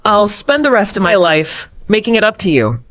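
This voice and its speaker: A woman's voice: medium pitch, very animated, moderate pace, lightly acted. A woman voicing a desperate, ruined man who pleads and sobs. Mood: pleading. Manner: pleading, sobbing.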